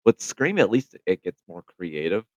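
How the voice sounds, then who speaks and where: A man with a very deep voice chats casually on a podcast, giving his opinions in a rambling way with plenty of fillers. The sound is dull and lo-fi, recorded close and dry. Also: very animated, normal speed, dry recording. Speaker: podcast co-host. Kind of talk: casual chat.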